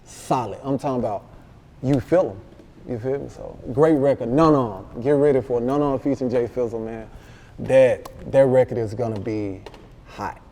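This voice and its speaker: A rapper from Memphis talks through his stories in a relaxed interview, with a Memphis accent and steady mid-pitched voice. He slips into the voices of the people he quotes and leans on slang. A faint low rumble sits under the recording. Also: normal speed. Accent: Southern US, Memphis. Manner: animated, slangy, acts out quoted dialogue. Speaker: rapper guest. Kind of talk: casual storytelling interview.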